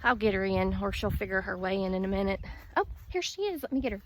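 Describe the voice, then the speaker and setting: A woman's voice: sing-song, fast talker, a little hiss or hum. A woman talking casually outdoors on her farm in a vlog, explaining her garden chores and calling her chickens in a sing-song voice. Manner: chatty, calls chickens in a high sing-song voice. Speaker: farm vlogger.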